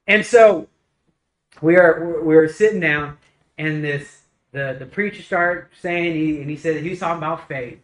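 A man preaching a casual, conversational sermon, telling stories with lively acted-out dialogue. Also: a little high, a little slow, low-quality recording. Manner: animated storytelling, acts out dialogue.

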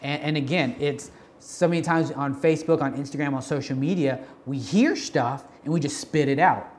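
A man's voice: on the high side, moderate pace, a little hiss or hum. A man giving an informal sermon on prophecy, speaking conversationally with many restarts, fillers and slangy asides. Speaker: church teacher on prophecy.

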